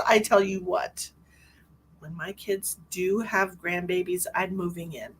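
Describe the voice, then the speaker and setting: A woman's voice: measured pace, slightly rough, rough recording. Chatty gushing psychic woman in her forties. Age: 40s. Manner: chatty and rambling, laughs often, gushing warmth toward viewers; frequent restarts and fillers, sudden high excited greetings. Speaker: psychic medium. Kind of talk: live-stream psychic reading, casual chat.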